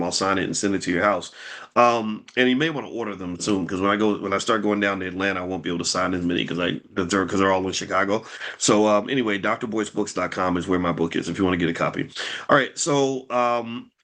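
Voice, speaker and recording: A man's voice: on the low side, fairly bright tone. A middle-aged man hosting a casual talk to camera about money and mental health, speaking in a loose, folksy way and often repeating words as he goes. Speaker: host.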